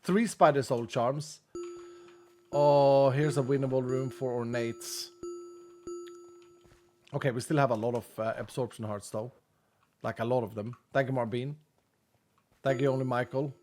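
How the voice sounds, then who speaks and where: A man's voice: mid-range voice, steady tone, a little slow, long pauses, darkish tone. Tired, chatty gaming streamer guy. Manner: chatty, jokey, thinks aloud while playing. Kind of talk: casual gaming livestream chat.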